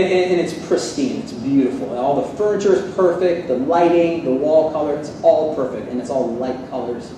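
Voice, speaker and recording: A man with a fairly high voice delivers a sarcastic, fired-up debate speech before a live audience in a seminary hall. The recording is noisy and echoey, picked up by a distant mic.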